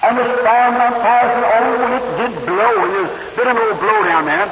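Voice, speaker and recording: A man preaching a storytelling sermon, impassioned and rambling, his pitch and volume surging. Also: brisk. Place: church hall. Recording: hissy echoey 1950s tape from a hall.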